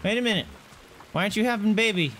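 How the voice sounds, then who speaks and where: A man's voice: high voice, fast talker, fairly bright tone, a little hiss or hum. A man commenting on his own playthrough of a zoo game, who gushes over the animals in baby talk and mutters to himself through the menus. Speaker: gaming channel host.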